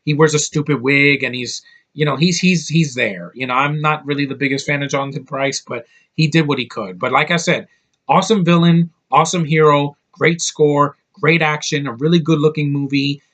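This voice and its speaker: A man's voice: fairly high pitch, fairly even intonation, moderate pace, fairly bright tone. Blunt, rambling male movie reviewer. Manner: blunt, rambling, profane, many restarts. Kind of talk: casual spoken review.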